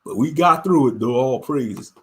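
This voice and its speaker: A man's voice: mid-range voice, expressive, moderate pace, fairly bright tone. A man giving casual religious commentary online, slangy and preachy, often laughing.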